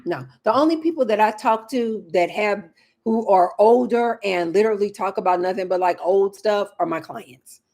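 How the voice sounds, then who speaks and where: A lifestyle vlogger speaks at normal speed in a mid-range, slightly mellow voice, with a little background noise. Chatty and emphatic, she talks casually to the camera and often addresses viewers directly.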